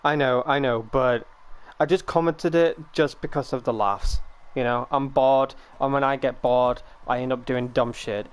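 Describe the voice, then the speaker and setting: A young man streaming a game, chatting casually and laughing often, his voice cracking and rough. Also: medium pitch, steady tone, moderate pace. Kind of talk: casual live-stream chat.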